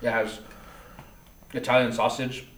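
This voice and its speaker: Male podcast co-host, mid pitch, profane laughing storyteller, roomy echo. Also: little pitch movement, unhurried, a bit bright, slight background noise. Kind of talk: casual chat.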